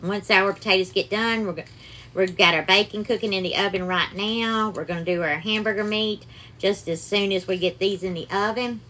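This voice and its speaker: A woman's voice: mid-range voice, moderate pace, sharp tone, slight background noise. A woman with a Southern US accent hosts a casual live cooking stream, chatting and greeting viewers by name with sweetheart and darling. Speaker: cooking livestream host.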